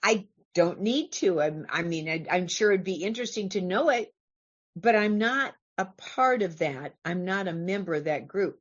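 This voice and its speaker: A woman's voice: lowish voice, animated, moderate pace, dull audio. Earnest woman speaker from California. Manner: earnest, conversational, asks the audience questions. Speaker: recovery meeting speaker. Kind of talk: recorded recovery talk.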